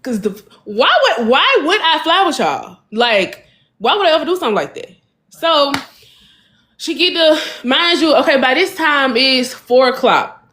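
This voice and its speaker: A podcast co-host tells a long story straight to her listeners, calling them y'all. Her voice sits a little high for a woman. She talks in an animated, exasperated, casual way. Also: unhurried.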